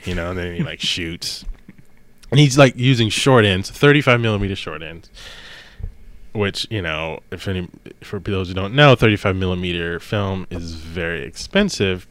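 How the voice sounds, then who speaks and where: A man's voice: low voice, normal speed, no echo. A man on a podcast telling a story in casual chat, acting out the people he quotes. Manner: animated storyteller, acts out quotes. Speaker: podcast host.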